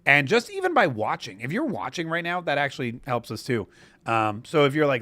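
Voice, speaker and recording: Fairly quick and animated, with a medium-pitched, fairly bright voice and no echo, this American man in his forties hosts a live stream show. His casual chat turns into a long, rambling story with frequent restarts.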